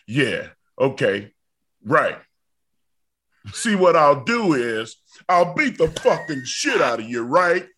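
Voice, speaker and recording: A man's voice: fairly high pitch, sing-song, slow pace, long pauses, a bit bright, full character voice. A man putting on the voice of an aggressive, intimidating male wrestler who talks in a growl. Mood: menacing.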